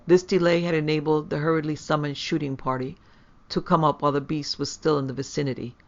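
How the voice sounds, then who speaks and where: A man reading a horror story aloud in a measured, grave way. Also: a little high, little pitch movement. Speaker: narrator. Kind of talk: scripted horror story narration. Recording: dull lo-fi.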